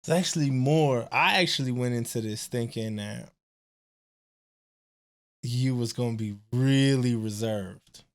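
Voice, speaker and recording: A man's voice: mid-range voice, unhurried, pauses often. A male streamer hosting his own talk show, speaking in a laid-back, easygoing way and chuckling between remarks. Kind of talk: casual conversation.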